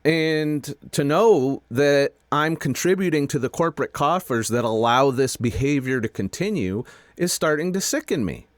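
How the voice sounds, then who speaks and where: A man's voice: on the high side, expressive, no room sound. Middle-aged guy venting mad at his viewers, lots of swearing, voice jumps all over, dry close sound. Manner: angry, profane, halting with restarts. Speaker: video creator. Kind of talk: frustrated personal rant to camera.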